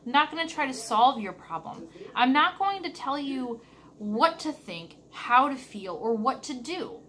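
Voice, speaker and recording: A woman talking earnestly to her camera in a reflective vlog, stressing words by slowing down. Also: high voice, lively intonation, pushed and bright, a little hiss or hum. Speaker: vlogger.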